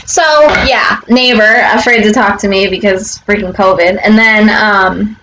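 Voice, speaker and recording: A woman's voice: medium pitch, fairly even intonation, measured pace, few pauses, noisy background. A young woman chatting casually and rambling while she arranges flowers, with lots of fillers and free swearing. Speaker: vlogger.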